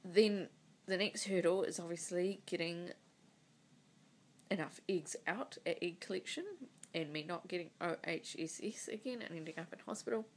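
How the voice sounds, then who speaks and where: Tearful woman with a gravelly low voice. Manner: emotional, halting, sighing. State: crying. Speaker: vlogger. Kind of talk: tearful personal video diary. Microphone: phone mic.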